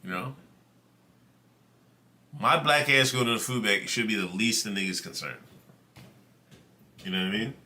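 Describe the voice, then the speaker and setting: On the low side and sharp in tone, the host's voice moves at a moderate pace broken by long pauses. He's telling his stream chat a story in a relaxed, conversational way, full of profanity.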